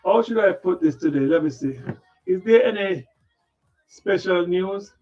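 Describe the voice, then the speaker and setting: A man hosting a trading livestream, muttering to himself as he sets up his screen, tired and yawning, with sudden loud playful bursts. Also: high voice, animated, measured pace. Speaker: livestream stock trading host. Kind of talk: rambling livestream chatter. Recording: dull lo-fi sound with faint music.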